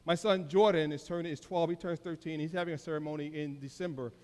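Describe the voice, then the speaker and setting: A middle-aged man preaching a keynote sermon, emphatic, swinging between loud declarations and soft asides. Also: on the high side, steady tone, quick pace. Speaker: keynote speaker. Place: large hall. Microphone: handheld mic. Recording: live in a reverberant hall.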